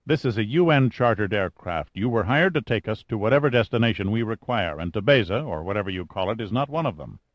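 A man's voice: on the low side, lively intonation, quick pace, few pauses, no room sound, muffled recording. A man voicing a big, proud and stubborn male scientist who speaks in a demanding, indignant way.

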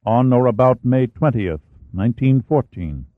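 A man's voice: medium pitch, animated, normal speed, no echo, natural voice. A man doing a genial American historian. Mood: friendly. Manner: genial, chatty. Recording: dry, tinny phone-like sound.

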